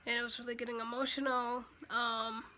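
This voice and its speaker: A woman's voice: fairly high pitch, level tone, a little fast, bright, forceful tone, slight background noise. A young woman telling a personal story in a chatty way, full of fillers and restarts, and emotional at moments. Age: young adult. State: emotional, near tears at times. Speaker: vlogger. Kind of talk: casual storytime.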